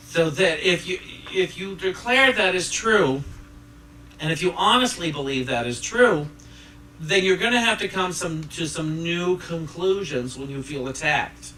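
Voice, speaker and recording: A man preaching a sermon to a congregation, swinging between hushed and loud, laughing along with the room. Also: medium pitch. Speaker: pastor. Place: church sanctuary with congregation. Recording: echoey church, distant mic, audible hiss.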